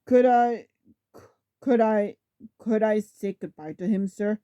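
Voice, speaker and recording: A woman voicing a huge soft-hearted male half-giant, slow and halting as he sobs, in a storybook reading. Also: medium pitch, dry recording, muffled recording, lightly acted. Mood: tearful.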